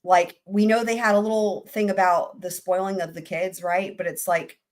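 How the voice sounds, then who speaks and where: Expressive woman chatting over a livestream. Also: mid-range voice, moderate pace. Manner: very expressive, chatty, laughs often. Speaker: livestream host. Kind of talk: casual live trial commentary.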